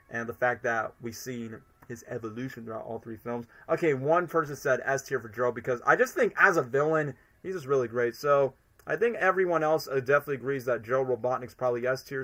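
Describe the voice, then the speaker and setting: A man's voice: mid-range voice, a bit bright. A young man chatting on a live stream, rambling enthusiastically with lots of fillers. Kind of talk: casual live-stream commentary.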